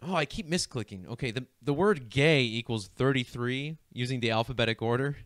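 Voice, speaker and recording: A man's voice: mid-range voice, a little fast, a bit bright, dry recording. A young man hosting a numerology video, talking casually over a screen share and often breaking into laughter. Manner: giggly, keeps breaking into laughter.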